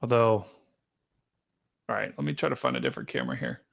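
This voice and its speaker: A man hosting a live storm-tracking stream, chatting casually to his viewers and explaining radar, excitable and talkative. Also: medium pitch, fast talker, creaky. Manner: excitable, chatty, talks to chat directly. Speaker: livestream weather host.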